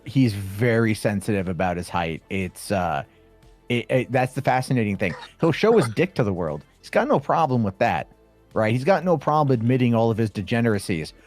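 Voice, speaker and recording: A man's voice: lowish voice, very animated, fairly quick, a little mellow, faint music behind. A man calling in to a live stream for casual chat, rambling with restarts and swearing casually. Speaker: caller.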